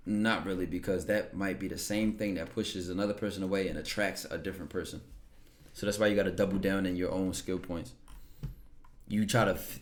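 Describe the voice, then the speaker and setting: A man hosts a casual live stream, speaking in a somewhat low voice. He talks in a relaxed, rambling way and keeps checking in with his listeners. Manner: laid-back, rambling, keeps checking in with "right?". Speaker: livestream host. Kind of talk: casual chat to a live audience.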